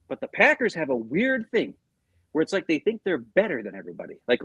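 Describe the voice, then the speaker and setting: Animated husky man talking sports. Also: a little high, brisk, dry recording. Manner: animated storytelling, retelling quotes; rambling with restarts and swearing. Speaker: podcast co-host. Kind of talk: casual sports chat.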